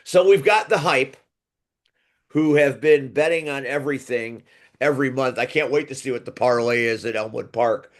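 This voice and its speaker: Man, podcast host, casual chat, enthusiastic, rambling, average pitch. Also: normal speed. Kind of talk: casual wrestling preview chat.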